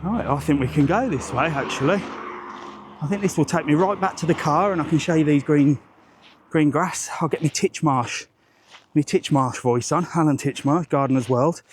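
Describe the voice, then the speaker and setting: Man, live walking vlog, rambling and jokey, casual swearing, phone mic outdoors, slightly high voice. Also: moderate pace, slight background noise. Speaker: travel vlogger.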